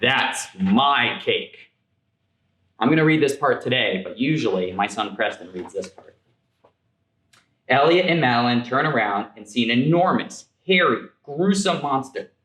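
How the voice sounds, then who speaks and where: A man reading a children's picture book aloud in a gentle, playful storytelling manner. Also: mid-range voice, lively intonation, moderate pace, reverberant, rough recording.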